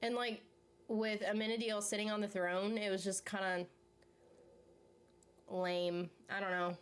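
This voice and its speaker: A woman's voice: mid-range voice, level tone, measured pace, clear, resonant tone. A young woman hosting a casual chat, rambling and filler-heavy, full of "like" and laughs. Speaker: channel host. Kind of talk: casual chat reacting to a series while eating.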